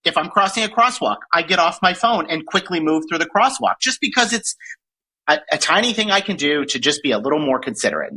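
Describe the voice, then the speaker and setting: A woman's voice: lowish voice, very animated, fairly quick, pushed and bright, breathy edge, low-quality recording. A woman in her forties hosting a podcast, chatting casually and ranting with profanity and frequent laughter. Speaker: podcast host. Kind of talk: casual chat.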